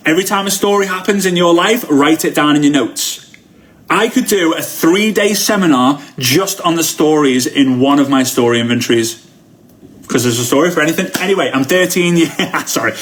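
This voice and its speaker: A man in his thirties gives a live-streamed sales training talk as a motivational speaker, telling energetic stories and acting out the quotes. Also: a little high, fairly quick. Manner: energetic storyteller who acts out quotes.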